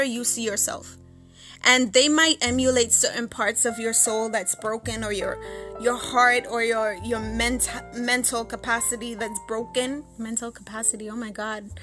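A woman's voice: fairly high pitch, steady tone, moderate pace, pushed and bright, faint music behind. A woman hosting her own podcast in a casual advice talk, sassy and blunt, swearing freely and slipping into bits of slang. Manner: slips into Jamaican-style slang. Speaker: podcast host.

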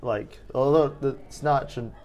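Animated man chatting about films. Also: mid-range voice, slow pace. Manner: animated, rambling with fillers. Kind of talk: casual film chat.

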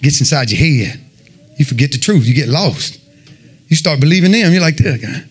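A man giving a fervent sermon and personal testimony, telling his story in an animated way and peppering it with "man.". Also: a little high, brisk, husky. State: sweating, winded after worship. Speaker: lay preacher giving testimony.

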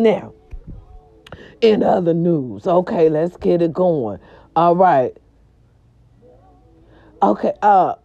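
A woman vlogger chatting casually about celebrity gossip, animated and profane, her voice swooping up high for emphasis. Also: highs cut off.

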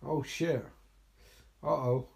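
A man's voice: mid-range voice, fairly even intonation, takes it slowly, vocal fry, darkish tone. A man giving live reaction commentary on a horror movie, sarcastic and exasperated, swearing freely.

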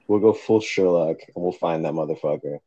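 A man's voice: very deep voice, a little fast, warm tone, dry recording, highs cut off. A young man co-hosting a casual podcast, joking and swearing, laughing often, talking on a phone. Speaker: podcast co-host. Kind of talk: casual chat.

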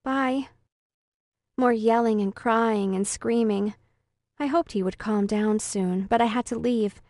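A woman's voice: mid-range voice, steady tone, unhurried, darkish tone, no echo, studio quality. A woman narrating a first-person story in an earnest, emotional way. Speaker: audiobook narrator.

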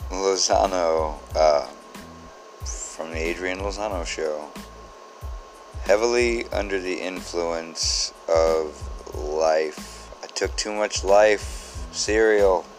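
A man hosting a comedy podcast, delivering a rambling, absurd, deadpan monologue full of digressions. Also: deep voice, takes it slowly, faint music behind, low-quality recording. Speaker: podcast host.

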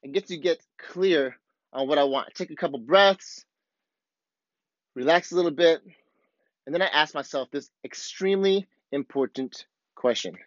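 A man's voice: fairly high pitch, moderate pace, dry recording. A man coaching surfers, talking candidly and bluntly to camera, swearing freely as he walks through his own feelings. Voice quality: blunt, profane and self-revealing. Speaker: surf coach. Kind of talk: candid motivational talk to camera. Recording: dull, slightly lo-fi dry recording.

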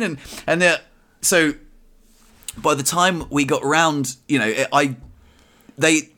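A man's voice: on the high side, takes it slowly, pauses often, pushed and bright. A man on a podcast, chatting casually and acting out the voices of his family as he tells a story. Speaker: podcast co-host.

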